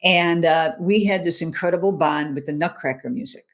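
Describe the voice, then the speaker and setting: A woman's voice: on the low side, brisk. A middle-aged woman, a mental fitness coach, telling a personal story in an online interview. She speaks earnestly and keeps checking in with "you know", "okay?" and "right?".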